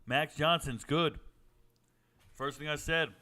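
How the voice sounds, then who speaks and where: A man from Georgia hosting a live sports watch party, chatting and joking with viewers and reacting loudly to plays. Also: fairly high pitch, slow pace. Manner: joking banter with chat, excited outbursts. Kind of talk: casual live-stream commentary.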